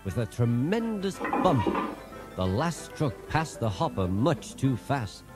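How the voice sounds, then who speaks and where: A man narrating a children's storybook in an expressive, animated way, with music behind. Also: mid-range voice, slow pace.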